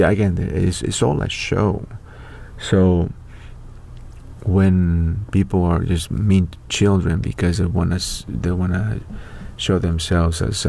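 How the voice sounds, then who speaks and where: A man's voice: low-pitched, vocal fry, a little mellow, husky. A middle-aged man hosting his own show, talking in a loose, rambling monologue full of fillers and restarts. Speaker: online show host. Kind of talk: casual spoken monologue.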